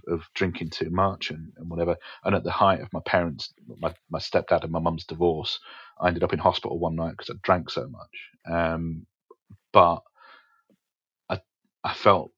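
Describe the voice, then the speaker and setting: An English man, a stand-up comedian, frankly recounting his teenage years in a podcast interview, swearing casually and pausing with fillers. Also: sits low, a bit bright, slightly rough, no room sound. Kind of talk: candid interview storytelling. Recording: dull, dry podcast audio.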